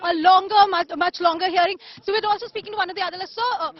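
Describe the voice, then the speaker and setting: A woman's voice: very high voice, fairly even intonation, racing. A woman reporting live from outside a court as a field reporter, speaking with many fillers and restarts. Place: outdoors at a court. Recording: dull lo-fi broadcast audio.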